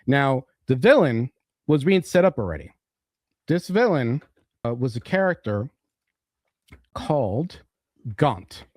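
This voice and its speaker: A man's voice: takes it slowly, pauses often, dry recording, clean studio sound. A man hosting a casual podcast chat, retelling a comic story and acting out the characters' lines with a loose, rambling manner. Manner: animated, acts out characters' lines with shifting pitch; loose, full of "you know" and "like". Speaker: podcast host explaining comics.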